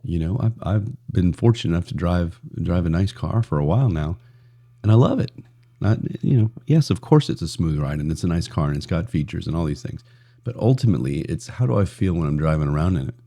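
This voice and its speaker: A man's voice: sits low, expressive, brisk, warm tone. A man hosting a solo podcast in a casual, blunt and profane way, rambling with frequent restarts. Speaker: podcast host.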